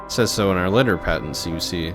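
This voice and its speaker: A man voicing a prim female clerk with a formal, politely flustered manner, music playing clearly behind. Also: low voice, quick pace, close to an everyday voice. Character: prim female clerk guarding a doctor's office.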